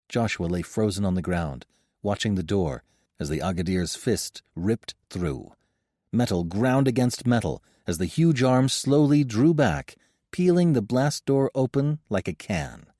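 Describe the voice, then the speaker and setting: Low, mellow male audiobook narrator. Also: no room sound, clean studio sound. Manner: expressive storytelling. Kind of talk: scripted narration.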